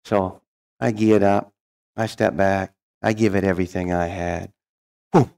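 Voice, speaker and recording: Gravelly-voiced man telling a funny life story. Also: deep voice, fairly even intonation, a little slow, a little mellow. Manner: humorous, folksy, acts out quoted voices. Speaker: guest speaker. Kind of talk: storytelling testimony.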